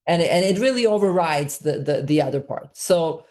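Woman filmmaker, low-pitched, earnest interview guest who explains at length and circles back over her words. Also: animated, normal speed, darkish tone. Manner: long, searching explanations with frequent repeats.

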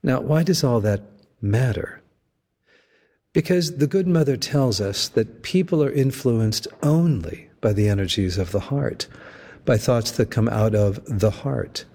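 A man delivering a sermon as a pastor, slow and measured with deliberate emphasis. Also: medium pitch, expressive, dark tone, slightly rough, in a large hall.

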